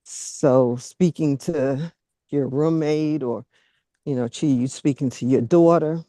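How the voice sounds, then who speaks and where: A woman leading a group video call, speaking gently and encouragingly. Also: deep voice, slow pace, no room sound, studio quality. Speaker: group facilitator.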